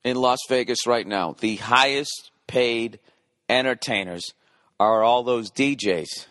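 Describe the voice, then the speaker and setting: Forties comic host, mid-pitched, swearing rant with mouth-made beats and self-heckling asides, dry booth sound. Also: male voice, slow pace, a bit bright, no echo. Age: 40s. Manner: profane ranting, mimics beats with his mouth. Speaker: podcast host. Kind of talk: rambling comedic monologue.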